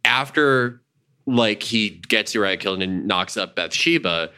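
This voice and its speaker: A man's voice: lowish voice, animated, unhurried, sharp tone, clean tone. A man in casual conversation, talking animatedly about old stories, swearing freely and acting out quotes. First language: Jewish identity not a language. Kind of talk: casual chat.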